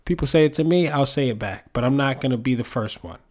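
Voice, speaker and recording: A man's voice: medium pitch, fast, darkish tone. Profane, rambling man on a podcast. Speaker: podcast host. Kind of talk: casual solo podcast monologue.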